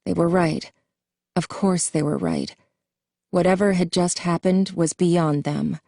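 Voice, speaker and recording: Mellow-voiced woman narrating an audiobook. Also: fairly low pitch, expressive, measured pace, vocal fry, dry recording, clean studio sound.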